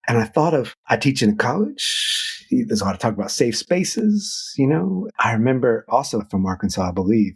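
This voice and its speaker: A man, an author and guest, telling stories in an animated interview conversation, jumping up in pitch for emphasis. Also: breathy edge. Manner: animated storytelling, swings up in pitch for emphasis and quoted voices.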